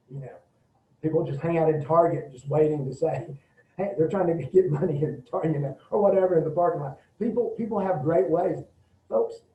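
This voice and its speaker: Middle-aged man, folksy instructor, mellow voice, recorded from a distance in a roomy space. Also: a little high. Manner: folksy, demonstrative, acts out quick quoted bits. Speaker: martial arts instructor. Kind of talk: casual safety talk to an audience. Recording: roomy, distant, dull lo-fi sound.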